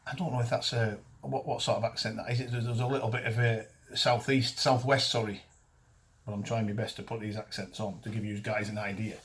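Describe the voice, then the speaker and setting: A man's voice: mid-range voice, steady tone, normal speed. Blunt man in his fifties, ranting. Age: 50s. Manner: blunt, ranting, frequent restarts. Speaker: detecting show host and dealer. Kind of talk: casual chat to camera.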